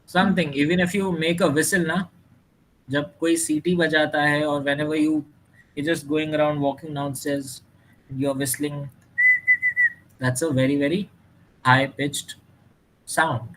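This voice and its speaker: Male teacher, fairly high voice, animated, faint room noise. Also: moderate pace, pauses often, rough recording. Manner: animated, mixes English with Hindi, asks students questions. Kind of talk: classroom lecture.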